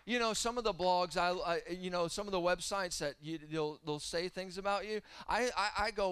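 A man in his thirties preaching a humorous, animated sermon that swings between loud and soft. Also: high voice, normal speed, hardly any pauses, clear, resonant tone, no room sound. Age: 30s.

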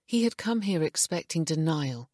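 Low-voiced woman narrating steadily. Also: animated, moderate pace, darkish tone, no echo, clean studio sound. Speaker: audiobook narrator. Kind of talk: scripted narration.

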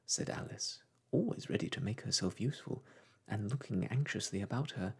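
A man reading a classic story aloud in a soft, gentle storytelling voice. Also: on the low side, lively intonation, moderate pace, gravelly, husky.

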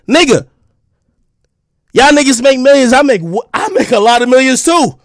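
A man streaming an angry, profane rant, confrontational and breaking into shouts. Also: very high-pitched, lively intonation, fairly quick, no room sound, clean studio sound.

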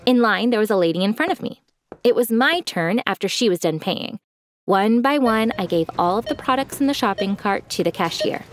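A young woman narrating a first-person story in a scripted, expressive way. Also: medium pitch, fairly quick, slight background noise.

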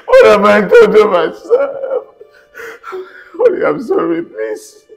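A grief-stricken husband whose voice swings wildly, from deep mutters up to high, breaking cries. He sobs and pleads slowly, with a gravelly edge and soft music behind him. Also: huge pitch swings, exaggerated voice. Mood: grieving. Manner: pleading, wailing, sobbing grief. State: crying. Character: grieving husband finding his wife collapsed. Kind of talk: dramatic acting.

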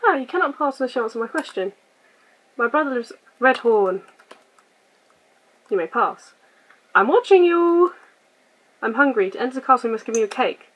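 Soft-spoken woman reading a game aloud. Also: on the high side, a little fast, pauses often, slightly rough, low-quality recording. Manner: quietly reads game text aloud, muttering her choices. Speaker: gaming channel host. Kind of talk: casual let's-play commentary.

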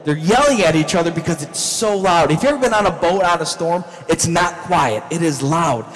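A male pastor preaching a sermon in a church, with animated storytelling that acts out scenes. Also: fairly high pitch, fairly quick, long reverb tail, poor audio.

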